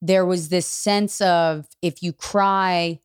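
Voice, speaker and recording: A woman comedian guesting on a podcast, her voice sitting a little low. She talks candidly and animatedly, swearing freely. The sound is dry and close to the mic. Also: slow, clean tone, no echo. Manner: candid, profane, animated storyteller. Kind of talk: casual podcast conversation.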